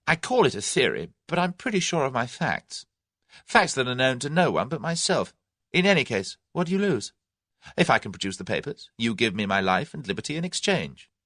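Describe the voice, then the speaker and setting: A man's voice: mid-range voice, very animated, fairly quick, fairly bright tone, no echo, clean studio sound, pitched above the performer's own voice. A man voicing a brash young Englishman who keeps airy and confident under threat. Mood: cocky.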